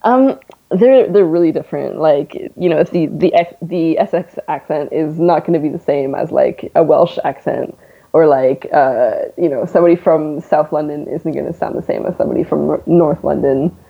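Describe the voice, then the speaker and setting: Heard over a tinny, phone-like connection, this young Canadian woman speaks in a low, gravelly voice at a moderate pace. She has a North American accent and is a guest in a casual interview conversation, frequently laughing between filler words.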